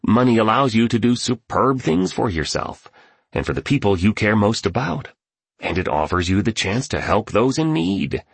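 A man's voice: on the low side, sing-song, normal speed, vocal fry, husky, no room sound. A man narrating an audiobook in an earnest, emphatic way.

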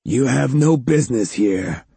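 A man voicing a menacing, mocking male cyborg in an audiobook, speaking slowly with an eerie, taunting manner. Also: medium pitch, expressive, gravelly, dark tone, breathy edge, dry recording, heavily acted. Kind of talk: audiobook character voice.

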